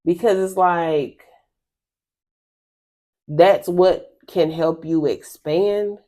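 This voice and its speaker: A woman's voice: fairly low pitch, extremely slow, warm tone. A woman giving a casual spiritual reading to her viewers, rambling and chatty, laughing often and calling them y'all. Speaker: spiritual reader.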